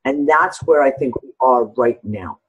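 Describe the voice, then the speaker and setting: A woman's voice: a bass voice, unhurried, slightly rough, highs cut off. A woman talking candidly in a casual online group discussion, swearing freely and acting out what others said. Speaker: discussion participant.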